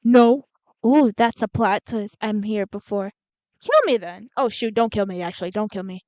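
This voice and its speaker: A young woman casually commenting on a story game, excitable and slangy, often talking back to the characters and quick to shout. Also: medium pitch, no echo. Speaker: gamer playing a story game. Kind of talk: casual let's-play commentary.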